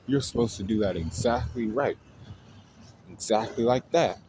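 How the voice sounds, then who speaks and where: A man's voice: medium pitch, moderate pace. A man hosting an astrology video, venting in a blunt, profane, exasperated way. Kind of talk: casual ranting monologue. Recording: noisy home recording.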